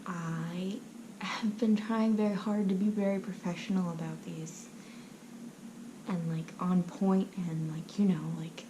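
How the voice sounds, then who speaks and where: A young woman hosts her own channel, chatting casually to camera at home and often half-whispering since someone is asleep next door. Her lowish voice is steady and measured, with a noisy background, and she rambles with plenty of fillers and restarts.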